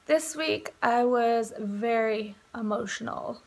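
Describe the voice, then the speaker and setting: Chatty young woman, higher voice. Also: slow pace, a little mellow. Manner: chatty, rambling, laughs often. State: pregnant. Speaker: vlogger. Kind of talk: casual chat.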